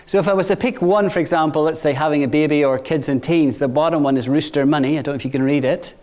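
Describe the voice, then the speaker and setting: A middle-aged bank executive with a voice on the high side speaks fast to new graduates. His business talk is conversational, with frequent "right?" check-ins, and he grows quiet when telling anecdotes.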